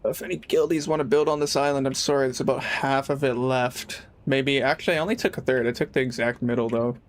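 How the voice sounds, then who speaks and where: A man's voice: mid-range voice, fairly even intonation, fast. A young man chatting casually while streaming a game, rambling and laid-back, swearing freely. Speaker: live streamer. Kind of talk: casual gaming livestream chat.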